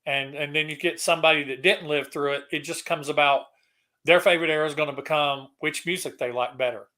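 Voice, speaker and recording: A man's voice: a little high, steady tone, brisk, pushed and bright. A middle-aged man hosting a casual online chat, rambling and often restarting his sentences. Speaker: podcast host.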